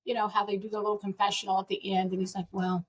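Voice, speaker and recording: A middle-aged woman, the hosts' mother, chatting as a guest on a podcast and telling stories in an animated, emotional way, acting out what others said. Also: medium pitch, fast, husky. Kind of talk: casual chat.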